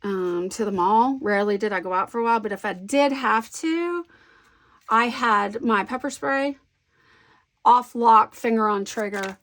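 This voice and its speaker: A woman's voice: a little high, unhurried, fairly bright tone. A woman hosting a scrapbooking video, chatting casually and thinking aloud as she works, rambling with lots of fillers. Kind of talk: casual chat while crafting.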